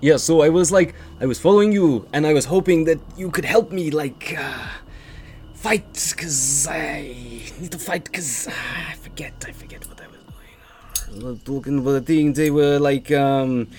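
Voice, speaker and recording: A man voicing a forgetful, jittery tiefling trickster who stammers and swings between loud and hushed. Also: fairly high pitch, normal speed, a little hiss or hum, pitched above the performer's own voice, natural voice. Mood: scatterbrained.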